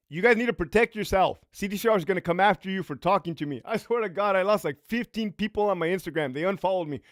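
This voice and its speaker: A man's voice: high-pitched, fast, hardly any pauses, no echo, studio quality. A man hosting a live stream, telling stories and ranting bluntly with heavy swearing, acting out the quoted voices as he goes. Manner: acts out quoted voices while retelling. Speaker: livestream host. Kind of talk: casual livestream storytelling.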